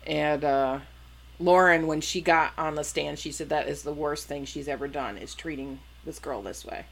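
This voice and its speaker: A woman with a notably low voice tells a long story in casual conversation. She talks loosely, stopping and restarting her sentences and filling pauses with "um" and "like.". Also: creaky. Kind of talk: casual chat.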